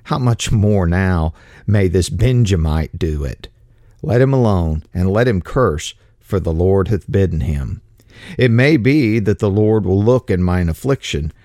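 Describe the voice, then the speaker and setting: A man's voice: deep voice, expressive, a little slow, mellow, dry recording, studio quality, voice pushed down. A man reading as a grave, resigned old king. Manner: solemn archaic scripture reading.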